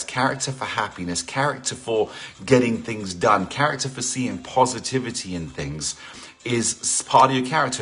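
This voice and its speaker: With a medium-pitched, slightly bright voice, a middle-aged man from England hosts a live at-home workout. He chats informally, jokes, and greets viewers by name, and faint music can be heard in the background.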